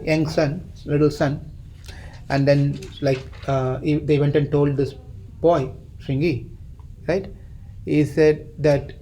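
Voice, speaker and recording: Mellow-voiced man teaching a scripture class. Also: fairly high pitch, a little hiss or hum, rough recording. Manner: repeats and restarts phrases, quizzes listeners.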